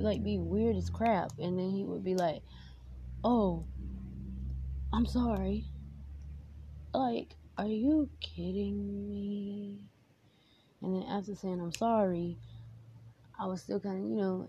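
A woman hosts her own podcast, talking candidly and emotionally about personal matters in a rambling, casual way full of fillers. Her voice is lowish and dark with vocal fry, and the sound is dull, lo-fi, with faint noise.

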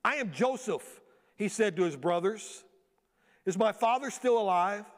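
A man preaches from a church stage with a high voice. He tells the story in a lively way and often slips into the voices of the people he quotes. His voice carries a long reverb from the large hall. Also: a little slow. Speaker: pastor. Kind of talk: sermon.

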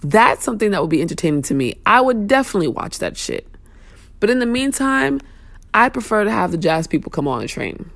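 A woman's voice: mid-range voice, very animated, brisk, gravelly, fairly bright tone, no room sound. A young woman hosting a casual talk show, venting bluntly and sassily with plenty of profanity. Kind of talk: casual opinion rant.

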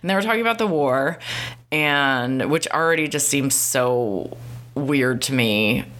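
A woman's voice: extremely low pitch, lively intonation, unhurried, a bit bright. A woman hosting a casual podcast monologue, rambling and profane, often laughing in the middle of sentences. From United States. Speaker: podcast host.

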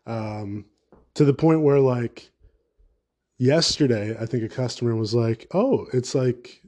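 A man hosting a solo podcast rants about whatever comes to mind. He swears freely, wanders off topic and turns sarcastic. His voice has a warm, mellow tone at a middle pitch. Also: unhurried. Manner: rambling, profane, sarcastic. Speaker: podcast host. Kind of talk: casual solo podcast rant.

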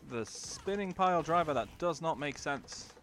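A man's voice: fairly high pitch, expressive, unhurried, fairly bright tone, a little hiss or hum. A young man giving casual gameplay commentary, chatty and rambling, often breaking off into baby talk. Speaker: gaming video creator.

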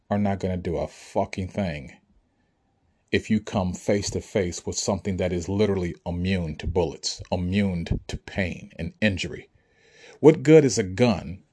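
A spiritual speaker with a deep, husky, slightly mellow voice addresses his listeners in a motivational monologue. He's emphatic and preachy, often checking whether they understand.

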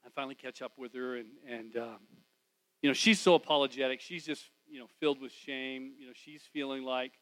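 A man preaching in church as a pastor, telling a personal story in a conversational way that swings from loud to hushed. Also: mid-range voice, steady tone, brisk, low-quality recording. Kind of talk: storytelling sermon.

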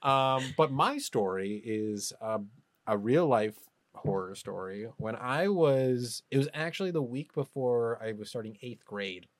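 Male podcast co-host with a lively, swooping delivery, mid-pitched and laughing a lot, on a dry close mic. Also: measured pace, no room sound. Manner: animated, laughs often, slips into hushed tones for suspense. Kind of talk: casual storytelling chat.

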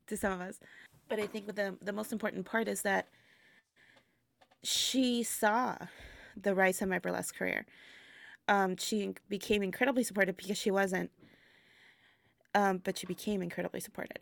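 A woman's voice: mid-range voice, fairly even intonation, normal speed, gravelly, long pauses, a bit bright. A woman who performs burlesque, talking reflectively in a casual interview, laughing often and using many fillers. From immigrant to the United States.

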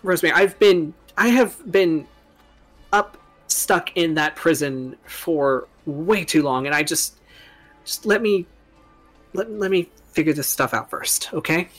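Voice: medium pitch, expressive, a bit bright. A game master doing an anxious father who dodges questions in a tabletop game. He stumbles over his words and restarts his sentences. Faint music plays behind him. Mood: defensive. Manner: defensive, halting, placating. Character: worried father wizard, gentle and evasive. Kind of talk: tabletop role-play.

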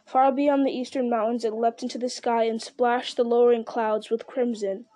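A woman reading a fantasy novel aloud in a steady, measured voice, with the odd slip and restart. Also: on the high side, dry recording. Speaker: audiobook reader. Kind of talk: storybook narration.

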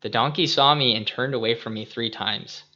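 A man voicing a stern male angel who rebukes a traveler in a low quiet voice, on a dull lo-fi recording. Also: normal speed.

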